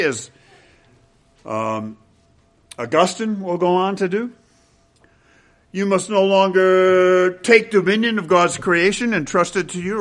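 An older male pastor with a bright, forceful tone and a slightly raised pitch, pressing his points hard. He teaches verse by verse and slips in wry asides to his listeners. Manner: emphatic, wry asides to the congregation. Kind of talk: expository sermon.

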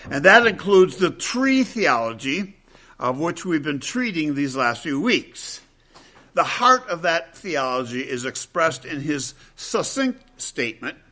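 A man preaching an expository sermon, quoting scripture at length in a measured cadence and slowing to stress key phrases. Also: on the high side, pushed and bright. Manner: deliberate, emphatic, with slowed stresses on key phrases.

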